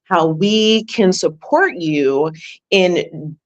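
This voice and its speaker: Woman, deep voice, host, encouraging coach, talks to listeners directly. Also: extremely slow, highs cut off. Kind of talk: conversational interview.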